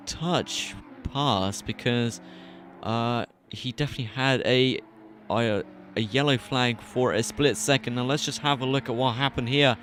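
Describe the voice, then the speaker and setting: A man's voice: mid-range voice, fairly bright tone, a little hiss or hum. A British man commentating a live sim racing broadcast from a commentary box, calling the action with jokey asides. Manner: chatty, jokey asides between race calls. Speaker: esports race commentator.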